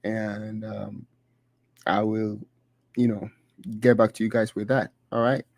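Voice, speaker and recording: A man's voice: on the low side, flat delivery, gravelly, a little mellow, dry recording. Man with a dry, fading voice. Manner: halting, many fillers and restarts while reading through a list. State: dry throat, losing his voice. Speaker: crypto channel host. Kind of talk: casual solo livestream commentary.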